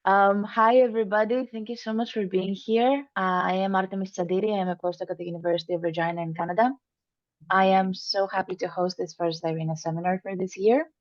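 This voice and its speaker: A woman's voice: medium pitch, steady tone, fast talker, no echo. A woman postdoc hosting a seminar over a video call, giving polite, formal introductions of the speaker. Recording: dull dry video call audio.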